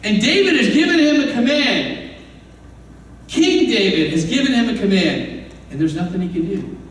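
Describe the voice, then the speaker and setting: High-voiced pastor in an echoey church. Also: male voice, lively intonation, normal speed. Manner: conversational storytelling with frequent asides; acts out quoted voices. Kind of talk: sermon. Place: church sanctuary. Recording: echoey hall, distant mic, faint room noise.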